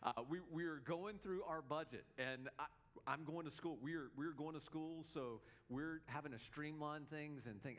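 A male pastor delivers a sermon in an earnest, emphatic way. His voice sits a little high for a man. He often repeats words as he drives his points home. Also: normal speed, fairly bright tone.

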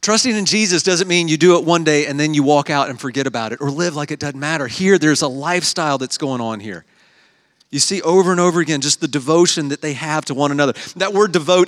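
A man in the pulpit delivers a relaxed, conversational sermon, slipping into little acted-out quotes as he tells stories. His voice sits a little high for a man. The sound carries a long reverb tail from the hall. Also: fast talker. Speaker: pastor.

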